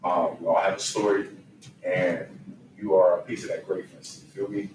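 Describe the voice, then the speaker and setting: A man's voice: low voice, flat delivery, normal speed, darkish tone. A man leads a youth group in an emphatic, preaching motivational talk with call-and-response. He is picked up from across the room. The space is roomy, with a faint hiss under the voice. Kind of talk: motivational talk to young men. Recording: distant mic in echoey room with faint noise.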